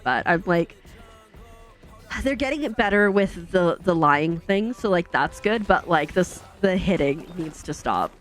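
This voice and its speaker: A woman's voice: fairly low pitch, lively intonation, measured pace, faint music behind. A woman streamer telling a long family story in casual, chatty talk full of fillers.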